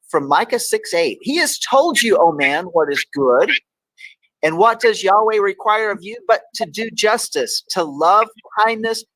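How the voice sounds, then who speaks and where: A man's voice: fairly high pitch, fairly bright tone, dry recording, poor audio. A man from Texas hosting a casual talk show, reading daily quotes aloud with playful emphasis. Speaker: host.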